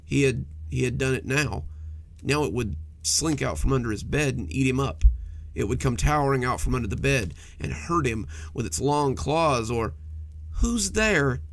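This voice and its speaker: A man narrating a cozy horror story in a measured, softly dramatic way. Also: medium pitch, creaky, a little hiss or hum.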